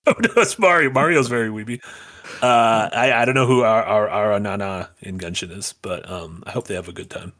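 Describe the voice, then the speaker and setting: A man's voice: lowish voice, a bit bright. A man co-hosting a casual podcast chat, joking and teasing the others. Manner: joking, quick to tease. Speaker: podcast co-host.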